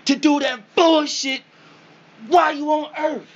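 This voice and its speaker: A man voicing his own soul as a stern male spirit that lectures and accuses him with drawn-out words. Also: extremely high pitch, fairly even intonation, highs cut off, pitched above the performer's own voice. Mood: scolding.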